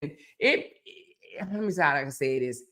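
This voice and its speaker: A woman hosting a livestream. She chats casually with her viewers in an animated, teasing way and reads their comments aloud. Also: low voice, moderate pace. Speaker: livestream host. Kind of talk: casual chat with live viewers.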